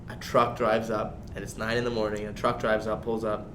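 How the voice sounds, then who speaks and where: A podcast host, casually telling an anecdote in short, punchy phrases. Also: male voice, fairly low pitch, little pitch movement, a little fast, noisy background. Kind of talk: casual storytelling.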